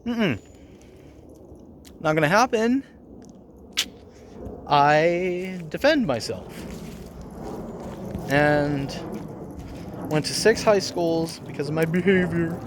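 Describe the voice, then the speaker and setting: A man in his forties talking straight to camera about his life. His voice sits a little high and he speaks slowly. He rambles bluntly and profanely, with flashes of anger. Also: lively intonation, background noise. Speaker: vlogger. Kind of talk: casual personal storytelling.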